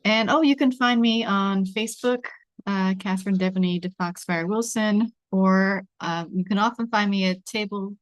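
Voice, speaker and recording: A woman's voice: medium pitch, moderate pace, dry recording. A woman from Washington state hosting an online table read over a video call, chatty and informal. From Washington state, USA.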